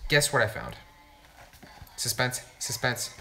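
A young man chatting on a livestream while unboxing gifts, hyped and swearing, bursting into loud exclamations. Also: medium pitch, wildly swooping pitch, slow pace, gravelly, reverberant, soft background music. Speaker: YouTube creator livestreaming an unboxing. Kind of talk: excited livestream unboxing chat.

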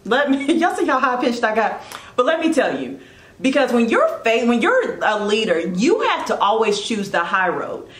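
A woman giving a casual devotional talk about leadership, animated and chatty, with quick asides and self-corrections. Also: fairly high pitch, echoey room. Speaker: Christian blogger giving devotional teaching.

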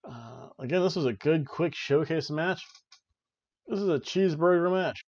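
A man's voice: fairly high pitch, lively intonation, moderate pace, darkish tone, dry recording, muffled recording. A young man hosting a wrestling review podcast, giving casual, joking play-by-play with lots of fillers. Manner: rambling, joking, frequent "uh" and "like".

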